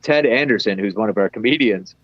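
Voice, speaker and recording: A man's voice: fairly low pitch, a little fast, dry recording, muffled recording. A man who organizes a comedy festival, chatting as a guest and telling easygoing stories. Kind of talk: casual chat.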